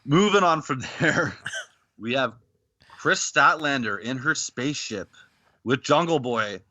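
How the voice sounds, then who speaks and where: A man's voice: medium pitch, lively intonation, measured pace, pushed and bright, dry recording, muffled recording. A man from Canada hosting a casual podcast, retelling scenes and quoting lines with frequent laughs. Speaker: podcast host.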